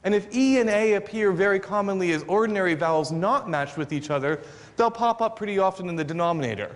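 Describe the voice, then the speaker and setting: High-voiced professor lecturing in a reverberant hall. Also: male voice, fast talker. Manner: explanatory, lightly joking. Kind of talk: university outreach lecture.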